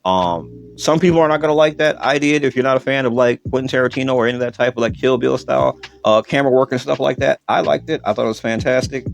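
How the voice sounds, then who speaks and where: A man's voice: medium pitch, quick pace, vocal fry, few pauses. A man hosting a podcast, giving a rambling, emphatic movie review and swearing casually. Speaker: podcast host and film reviewer.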